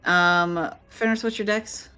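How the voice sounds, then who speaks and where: A woman's voice: lowish voice, fairly even intonation, slow pace, bright, forceful tone, clear, resonant tone. A woman running a tabletop game as game master, laid-back and joking, swearing casually.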